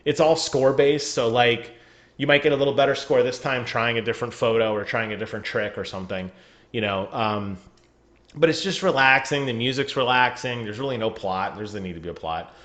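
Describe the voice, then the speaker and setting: A man's voice: mid-range voice, fairly quick, fairly bright tone. A man chatting casually on a gaming podcast over a remote call, joking and laughing often. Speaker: podcast co-host.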